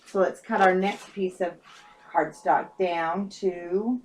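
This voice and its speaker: A woman's voice: fairly low pitch, fairly even intonation, slow, noisy background. A woman casually talking through a paper craft project step by step, thinking aloud as she works. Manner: chatty, thinks aloud while working. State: hiccups. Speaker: craft tutorial host.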